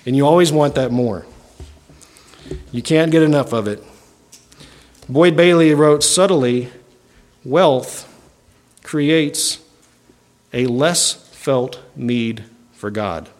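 A man's voice: medium pitch, expressive, takes it slowly, long pauses, a little mellow. A man preaching a sermon as pastor, reading scripture and explaining it in a conversational way, often checking in with "right?".

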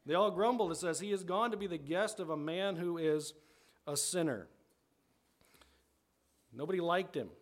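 A man's voice: fairly high pitch, moderate pace, pauses often. A man preaching a sermon as a pastor, conversational, often checking in with the congregation and rephrasing as he explains scripture.

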